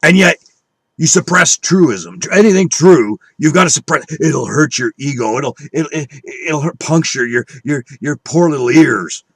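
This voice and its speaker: A man with a husky, slightly raised voice, ranting in a combative, profane and scornful way as he preaches at his viewers. The recording is dry and close, with no room sound. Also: fairly high pitch, expressive, normal speed, dry recording. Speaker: online video speaker. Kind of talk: angry conspiracy rant.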